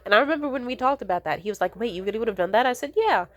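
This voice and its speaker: A woman's voice: fairly high pitch, expressive, rapid-fire, fairly bright tone, no room sound. A young woman ranting casually, blunt and profane, exasperated, mimicking the people she complains about.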